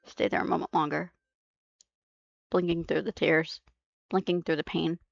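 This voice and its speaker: A woman reading a dark first-person story aloud on a stream, intense and halting, with restarts. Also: fairly low pitch, steady tone, gravelly, dry recording, highs cut off. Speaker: reader. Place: home streaming setup. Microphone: streaming mic.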